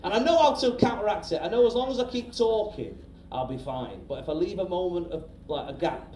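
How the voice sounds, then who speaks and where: A middle-aged man, a stand-up comedian telling a story on stage to a live audience in a chatty, animated way, swearing freely and often checking in with the crowd. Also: high-pitched, a little fast. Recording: roomy live-venue recording from a distance. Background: audience laughter and crowd noise.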